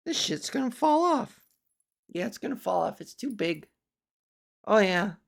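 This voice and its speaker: A woman's voice: medium pitch, sing-song, unhurried, gravelly. A woman comedian hosting her own podcast, rambling in a profane, self-mocking casual chat. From Canada.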